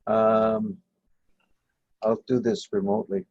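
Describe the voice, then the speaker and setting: A man's voice: lowish voice, level tone, takes it slowly, darkish tone, no echo, muffled recording. A man in a casual group session, teasing the others and explaining how to read cards. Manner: teasing, explains card-reading. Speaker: workshop participant.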